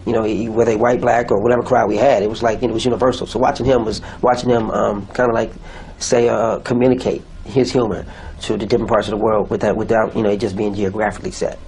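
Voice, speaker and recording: A veteran male comedian in a documentary interview, speaking haltingly with many fillers. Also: fairly low pitch, flat delivery, darkish tone, slight background noise.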